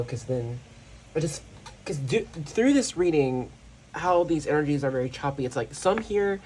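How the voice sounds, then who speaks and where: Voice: medium pitch, a little mellow, slight background noise, low-quality recording. A tarot reader in a casual pick-a-card reading who thinks aloud and often stops to search for words, with many fillers and restarts.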